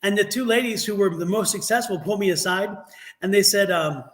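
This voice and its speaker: A high-voiced man chatting fast on a casual tarot livestream. He tells stories, slips into put-on voices and laughs often as he talks. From West Virginia family, East Coast. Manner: animated storyteller, quick talker who puts on Southern voices and laughs often. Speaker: tarot reader co-host.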